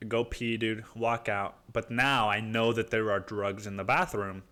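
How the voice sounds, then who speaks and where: A man's voice: lowish voice, level tone, unhurried, bright, forceful tone. A man hosts his own podcast and tells a comic story. He rambles, corrects himself mid-sentence and swears freely. He says "dude" in nearly every line. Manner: rambling, profane, keeps saying dude. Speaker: podcast host. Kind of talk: comedic storytelling.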